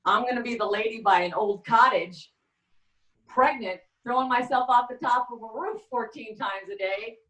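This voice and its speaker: Deadpan woman comic in an echoey room. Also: fairly high pitch. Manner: rambling, halting deadpan delivery. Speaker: stand-up comedian. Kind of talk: stand-up comedy set. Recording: echoey room, far from the mic.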